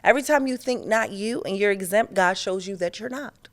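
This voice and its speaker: A woman hosting a podcast, talking in a candid, animated way, with slang and profanity, in a casual spiritual monologue. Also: medium pitch, fairly quick. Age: adult, past her teens. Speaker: podcast host.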